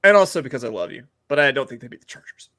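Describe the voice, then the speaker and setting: A man's voice: medium pitch, big pitch swings, rapid-fire, fairly bright tone. A man co-hosting a podcast, making football picks in casual, jokey chat and swearing now and then. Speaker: podcast co-host.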